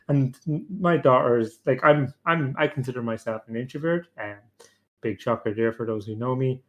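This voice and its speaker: A young man on a podcast panel rambles through stories about parenting, swearing and animated as he chats casually. His voice sits at a medium pitch and moves at normal speed.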